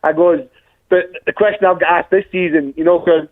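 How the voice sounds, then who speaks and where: A man's voice: high voice, steady tone, brisk, dry recording. A Glaswegian man chatting as a guest fan, telling rambling stories with restarts and laughter. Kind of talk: casual chat, storytelling. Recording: tinny phone-like line.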